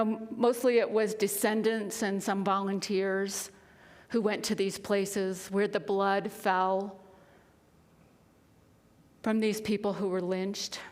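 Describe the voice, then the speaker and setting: A woman minister tells a story in earnest sermon style, sometimes falling to a hush. Her voice rings out with a long reverb, as in a church hall. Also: medium pitch. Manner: earnest storytelling with soft, hushed passages. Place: spiritual center sanctuary.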